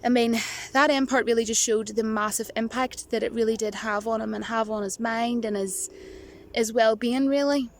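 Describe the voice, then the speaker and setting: A woman's voice: on the high side, steady tone, moderate pace, slight background noise. A woman vlogger chatting casually to camera, rambling and giggling, with a touch of self-mocking nerves. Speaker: movie vlogger.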